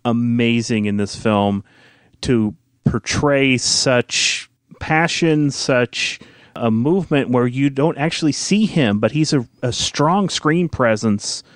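A man guesting on a podcast, chatting eagerly with a few halting restarts. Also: medium pitch, dry recording, studio quality. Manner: eager, a bit halting, fond of the films. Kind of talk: casual chat.

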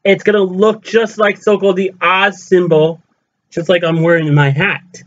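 In an excited unboxing vlog about his collection, a man gushes and repeats himself, speaking directly to viewers as fellow fans. His high, fairly bright voice has a flat delivery and measured pace, and the recording's highs are cut off.

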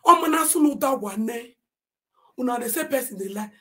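Nigerian woman live-streamer, high and indignant, loud Pidgin rant. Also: normal speed. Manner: animated and indignant, often shouting and reading comments aloud.

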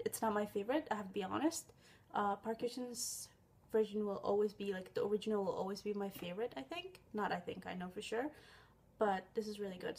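A woman's voice: mid-range voice, gravelly, a little mellow, husky. A young woman talking casually as she reacts to a music video, chatty and exclamatory, swearing freely. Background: faint music video playing.

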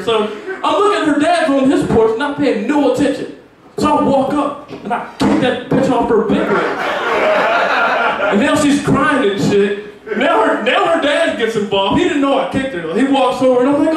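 A man's voice: extremely high pitch, animated, normal speed. A man from Virginia doing brash, profane open mic stand-up comedy in a small pub, laughing at his own jokes. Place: small pub with a live crowd. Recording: echoey room from far off with crowd.

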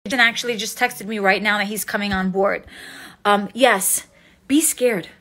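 A woman in her thirties chatting casually on a livestream, excitable and emotional, laughing often. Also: medium pitch, moderate pace. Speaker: livestream host. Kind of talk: casual live chat.

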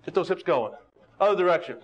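A man teaching karate who leads students through a warm-up, calling out exercises and teasing them with jokes. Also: sits high, lively intonation, fast. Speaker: karate instructor. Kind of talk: leading a warm-up on a local TV show. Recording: dull lo-fi TV studio sound.

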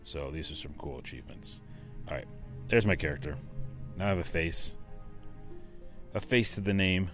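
Deep-voiced let's play host, chatty and rambling, enthusiastic. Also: male voice, normal speed, pauses often, music in the background. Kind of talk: casual game commentary.

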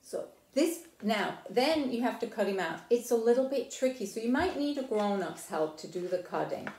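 A middle-aged woman with a fairly high voice runs a hands-on science and craft lesson for children. She talks the viewer through each step and keeps asking what they think. The sound bounces around an echoey room. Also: animated, normal speed, a little mellow. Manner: friendly, explains step by step, asks the viewer questions. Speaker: children's library program presenter.

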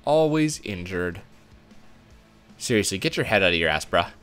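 A young man giving casual, profane commentary on his own hockey video game, swinging from low muttering to loud excited shouts. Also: moderate pace, long pauses, clean tone, faint music behind. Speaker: gaming YouTuber.

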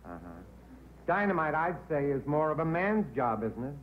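A man's voice: a little high, expressive, moderate pace. A man hosting a comedy quiz show, joking and chatting with contestants. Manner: wisecracking, chatty. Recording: tinny old broadcast audio, faint hiss.

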